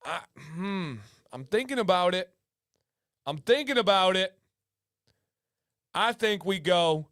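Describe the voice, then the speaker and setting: A man's voice: high voice, expressive, takes it slowly, pauses often, fairly bright tone, no echo, studio quality. A man hosting a livestream giveaway, playfully hyping up viewers, reading chat names aloud and breaking into sing-song chants. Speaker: livestream host.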